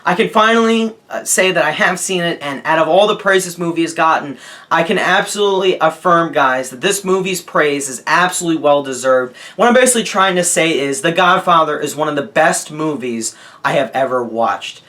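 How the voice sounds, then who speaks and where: A man's voice: fairly high pitch, animated, brisk, bright, forceful tone. A young man giving a casual, gushing video review of a film, stressing points and often asking his viewers "okay?". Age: young adult. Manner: gushing, emphatic, asks "okay?" and says "guys" often. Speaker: movie reviewer.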